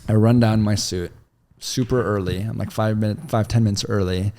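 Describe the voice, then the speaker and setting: A man's voice: fairly low pitch, fairly even intonation, moderate pace, mellow, slight background noise. A man in his thirties, a podcast guest telling a long personal story in a casual, chatty way full of "like" fillers, on a studio mic.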